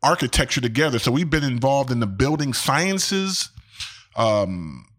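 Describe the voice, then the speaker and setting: A man in his forties hosts a podcast with an upbeat, emphatic delivery. He repeats key words for effect and keeps the tone lively and engaging. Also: medium pitch, a little slow. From Maryland, US. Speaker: podcast host. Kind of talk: podcast intro and interview.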